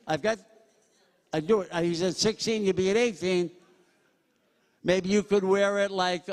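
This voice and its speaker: High-voiced auctioneer in a big hall. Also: male voice. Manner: rapid-fire bid calling with jokes. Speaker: charity auctioneer. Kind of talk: live charity auction calling. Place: large banquet hall. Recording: reverberant hall PA sound.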